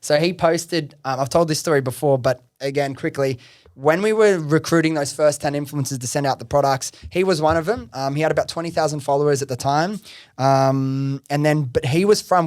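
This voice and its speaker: A man hosting a podcast, telling his startup story in casual chat, excitable, swearing freely and saying "like" a lot. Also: a little high, no room sound, clean studio sound. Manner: excitable, swears freely, heavy use of "like" and "bro".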